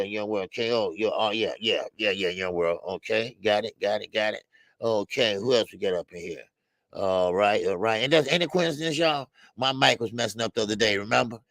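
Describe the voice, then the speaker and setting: A man hosting a casual boxing live stream, shouting out viewers in the chat one by one with drawn-out greetings. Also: on the low side, no room sound. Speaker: boxing show host.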